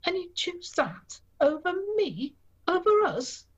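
A woman's voice: very high-pitched, very animated, takes it slowly, pitched above the performer's own voice, full character voice. A woman reading the part of a young wife, panicked and pleading, in a dull recording. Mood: distraught. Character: young woman on occupied island, anxious, distraught.

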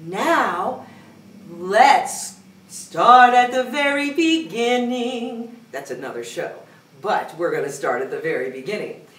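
A woman music teacher leading a singing lesson, singing short phrases and then coaching in a soft, brisk speaking voice. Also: fairly high pitch, very animated. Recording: roomy sound from a distance, piano behind. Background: piano.

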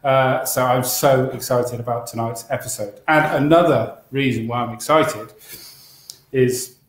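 A man's voice: mid-range voice, steady tone, unhurried. A man from England co-hosting a casual chat show, enthusiastic and rambling, with many restarts. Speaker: podcast co-host. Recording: roomy echo.

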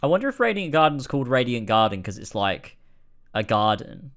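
A young man streaming a game with casual, excitable, swearing commentary. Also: mid-range voice, a little fast. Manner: animated, swearing, excitable reactions. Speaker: gaming streamer. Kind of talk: casual let's-play commentary.

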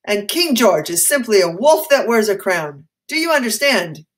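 A woman voicing a stern, forceful colonial patriot leader who speaks insistently and loudly. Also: medium pitch, lively intonation, moderate pace.

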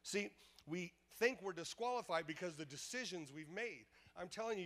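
During a church service, a pastor with a high, fairly bright voice and lively intonation preaches at a moderate pace. His sermon is emphatic and repetitive, and he calls out questions to the congregation.

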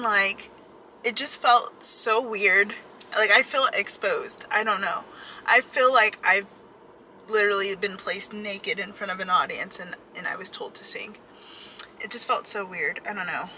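A woman's voice: medium pitch, bright, forceful tone, a little hiss or hum, rough recording. A young woman vlogging casually from inside her parked car, chatty and giggly, talking to a dashboard camera. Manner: chatty, giggly, lots of filler "like". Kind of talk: casual vlog chat.

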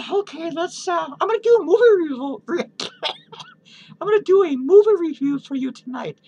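A woman's voice: very high-pitched, slight background noise, heavily acted, rough recording. A woman playing a crude, foul-mouthed older man who rambles and cackles through a comic webcam rant. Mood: tipsy. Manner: swears constantly, rambling, cackling laughs. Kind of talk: comedic character vlog rant.

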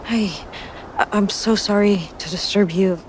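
A woman's voice: medium pitch, measured pace, background noise, natural voice. An actress playing an exhausted, defiant young woman on the run in a video game. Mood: pleading. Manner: weary, pleading.

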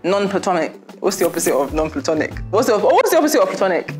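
A young woman vlogger, chatty and laughing as she gives warm, preachy advice in a casual talk to her viewers. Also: mid-range voice, very animated, fast, faint music behind.

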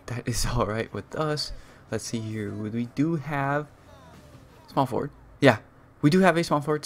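A man's voice: mid-range voice, a little hiss or hum. Young man chatting over gameplay, filler-heavy. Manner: chatty, thinks aloud with many fillers. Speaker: gaming youtuber. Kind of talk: casual gameplay commentary.

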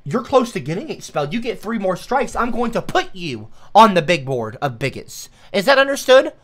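A man livestreaming, scolding his chat like a mock teacher, shifting from shouts to slow hushed lecturing. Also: high-pitched, very animated. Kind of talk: ranting livestream talk.

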